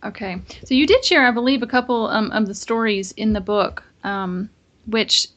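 A woman's voice: on the high side, moderate pace, fairly bright tone. Woman, podcast host, interview, many fillers, admiring.

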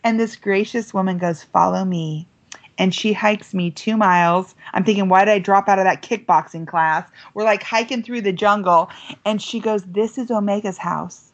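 Animated storytelling woman. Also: mid-range voice, normal speed, muffled recording. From United States. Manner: lively, acts out quoted voices. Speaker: guest author.

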